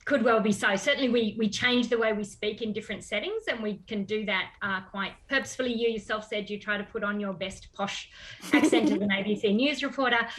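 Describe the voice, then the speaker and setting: A woman with a voice of ordinary pitch for a woman, speaking as an expert guest on the radio. She explains in a measured, careful way, pausing to choose her words. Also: a bit bright, poor audio.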